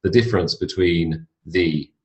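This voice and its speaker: Australian male teacher, low voice, deliberate and repetitive delivery, roomy echo. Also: a little mellow, muffled recording. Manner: slow, deliberate, repeats words for emphasis. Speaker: English pronunciation teacher. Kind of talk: recorded online lecture.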